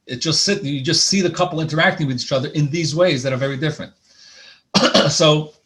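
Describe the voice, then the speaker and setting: A man's voice: mid-range voice, fairly bright tone. A man who is a couples therapist, giving a conversational lecture on marriage and often restarting and repeating words. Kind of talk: lecture presentation. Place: lecture hall.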